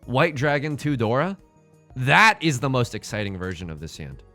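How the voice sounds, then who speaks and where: A man's voice: medium pitch, lively intonation, normal speed, bright, forceful tone, soft background music. A man hosting a game let's play, commenting with jokes and swinging between mock despair and hype.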